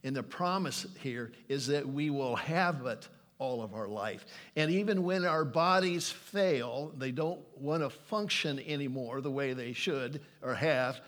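An older man delivers a sermon in an earnest, pleading way. He reads scripture aloud with heavy emphasis, in a voice of ordinary pitch for a man. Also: a bit bright. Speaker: pastor.

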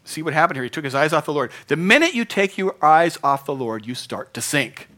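A man's voice: on the high side, sing-song, brisk, bright, forceful tone. A middle-aged man preaching a sermon in an earnest, conversational way, rising to bursts of emphasis. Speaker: pastor.

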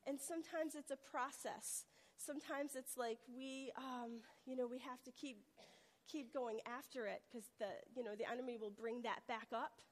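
A woman's voice: sits high, fairly even intonation, normal speed, big-room sound. A woman preaching a testimony sermon, telling a personal story earnestly and acting out the voices in it. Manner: earnest storytelling, acts out quotes with rising intensity.

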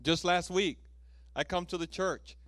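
Animated preaching man, dry sound. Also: high voice, measured pace, no room sound. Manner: lively storytelling, acts out voices, laughs at himself. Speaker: pastor. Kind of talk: sermon.

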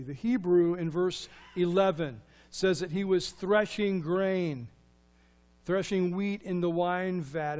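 A man preaching a sermon, animated and full of rhetorical questions, moving from loud to hushed. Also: high voice. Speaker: pastor.

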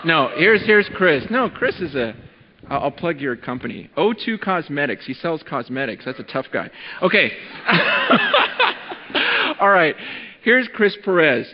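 A man preaching a sermon as pastor, talking in a relaxed, conversational way and working a demonstration with a volunteer. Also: on the high side, measured pace. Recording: dull lo-fi recording in a reverberant hall.

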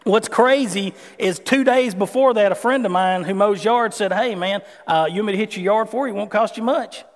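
A man's voice: high-pitched, moderate pace. Man preaching in a reverberant hall. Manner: conversational, folksy preaching with personal stories. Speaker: pastor. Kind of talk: sermon.

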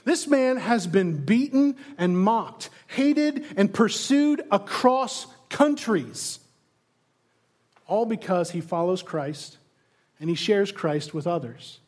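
A man with a high voice preaches a sermon as pastor. He speaks earnestly, keeps asking the congregation rhetorical questions, and sometimes trips over repeated words when he presses a point. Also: animated, takes it slowly, a little mellow.

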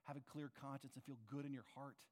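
A man's voice: mid-range voice, level tone, a little fast. A man preaching a sermon as pastor, earnest and conversational, often asking his listeners questions. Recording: long reverb of a large hall.

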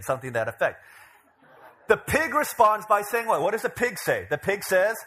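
A man's voice: high-pitched, very animated, normal speed, sharp tone. A male pastor giving a sermon, asking the congregation questions and retelling a familiar story with a light, joking touch. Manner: asks the congregation questions and retells stories with humor.

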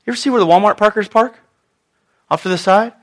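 A man preaching a sermon in church, talking in an animated, conversational way with asides to the congregation. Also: sits high, quick pace. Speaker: pastor.

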